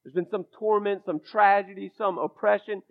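A male preacher with a high, gravelly voice delivers an impassioned sermon, dropping to near-whispers before swelling into loud, ringing declarations. The sound is narrow and phone-like, as if heard down a telephone line. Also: moderate pace. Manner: impassioned, builds from hushed to loud. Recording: thin phone-like recording.

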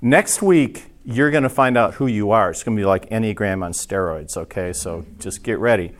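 A man's voice: lowish voice, normal speed. A man teaching a church class in a casual, conversational sermon style, self-deprecating, with many fillers and restarts.

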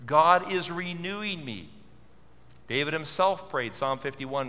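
Brief: earnest male pastor, sermon delivery, bright, slightly high voice, long church reverb. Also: measured pace, a little hiss or hum. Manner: earnest, asks many questions; repeats words when stressing.

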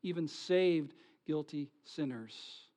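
A man with a high voice preaching a sermon to his congregation. He drops to hushed, almost whispered lines, then swells into loud, pleading passages. He keeps putting rhetorical questions to his listeners. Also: takes it slowly. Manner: dramatic swings from soft whispers to loud pleading. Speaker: pastor.

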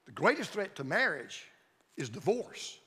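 A man's voice: sits high, big pitch swings, unhurried, pushed and bright, husky, big-room sound. A man preaching a sermon as pastor in a church, building his points through emphatic, repeated phrases. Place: church sanctuary.

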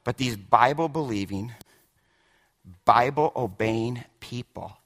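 A man preaching a sermon with emphasis, often repeating words and swinging from hushed lines to shouted ones. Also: medium pitch, slow pace. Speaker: pastor.

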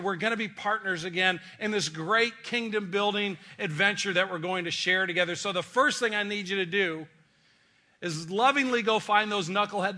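Jesus, tender reassuring teacher, as a preacher puts him on. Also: male voice, high voice, pushed and bright. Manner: tender, plain-spoken, reassuring. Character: Jesus, gentle but direct male teacher.

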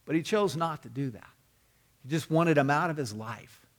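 A man's voice: fairly high pitch, moderate pace. A man preaching a sermon, telling the story earnestly and often repeating or restarting his words. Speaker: pastor.

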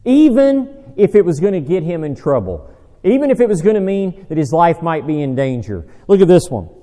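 With big pitch swings, a moderate pace, and a mellow, slightly high voice, a preacher teaches a Bible study in a large, reverberant hall. His conversational sermon is chatty, full of questions for the audience and dry humor at his own expense.

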